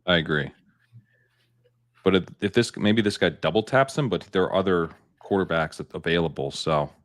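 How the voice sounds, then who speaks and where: A man's voice: sits low, normal speed. A man guesting on a casual podcast, easygoing, laughing often and making dry asides. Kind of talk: casual podcast chat during a fantasy football draft.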